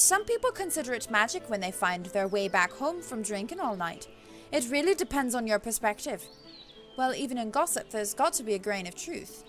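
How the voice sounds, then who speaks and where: A woman's voice: a little high, fairly bright tone. A woman voicing a self-assured wise-woman witch in a wavering put-on Scottish-Irish accent, reading a visual novel aloud.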